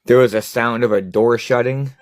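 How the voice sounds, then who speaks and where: A man, a paranormal investigator, chatting casually and telling his investigation stories in an animated way. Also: medium pitch, moderate pace, a little hiss or hum. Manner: animated storyteller, acts out scared reactions. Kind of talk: casual chat.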